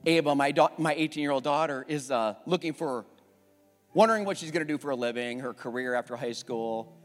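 A man in his forties preaching a sermon as a pastor, telling a candid family story, rising when worked up and going soft when reflective. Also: on the high side, fairly quick. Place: church sanctuary. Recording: church hall with long reverb and faint music.

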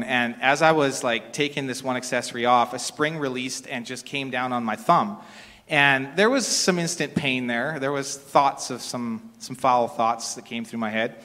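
A middle-aged man preaches in a relaxed, storytelling manner, backing up and restarting phrases the way people do in everyday talk. His voice sits at an ordinary male pitch. A long reverb trails after him, as in a large church sanctuary. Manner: conversational, storytelling with casual restarts. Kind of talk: sermon.

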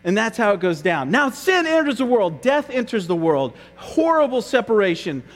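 High-voiced earnest man preaching in a reverberant hall. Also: big pitch swings, normal speed. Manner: earnest, conversational, frequent repeated words. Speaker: pastor. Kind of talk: sermon.

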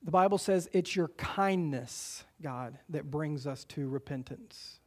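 Pastor preaching with a high voice. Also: male voice, slightly rough. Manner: emphatic preacher, slows for quoted scripture, speeds up for exhortations. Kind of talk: sermon.

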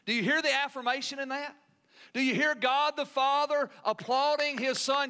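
A man's voice: very high voice, fairly even intonation, normal speed, bright, forceful tone. A male pastor preaching a sermon in an earnest, emphatic way, often asking the congregation questions.

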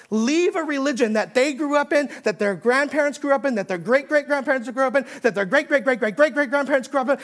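A high-pitched woman delivers a Sunday sermon. She preaches emphatically, repeating her key points and building force as she quotes scripture. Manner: emphatic preaching, repeating key phrases, rising when quoting. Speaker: pastor.

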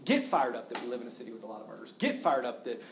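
A man preaching a sermon as a pastor, getting loud and exclaiming when indignant. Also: rapid-fire. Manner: animated, exclaiming with rising pitch when indignant. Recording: roomy with faint background noise.

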